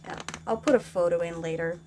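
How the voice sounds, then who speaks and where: A woman's voice: lowish voice, fairly quick, dark tone, a little hiss or hum. Agitated woman ranting. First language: Norwegian. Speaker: vlogger. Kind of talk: casual venting vlog.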